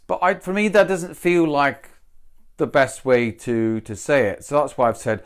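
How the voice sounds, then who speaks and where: A man's voice: a little high, unhurried, clean tone. A man from Britain teaching English pronunciation, thinking aloud and repeating example sentences with different stress. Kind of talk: explanatory lesson.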